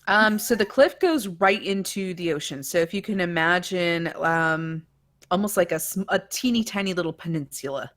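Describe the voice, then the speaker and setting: A woman's voice: fairly low pitch, normal speed, a bit bright. A woman narrating a tabletop game as game master, describing scenes unhurriedly with fillers like "um".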